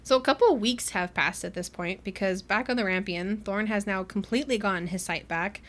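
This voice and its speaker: A woman's voice: medium pitch, fairly quick, fairly bright tone. Young woman, podcast co-host, casual book-club chat, acts out characters' lines, laughs often. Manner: chatty recap with acted-out quotes and frequent laughs.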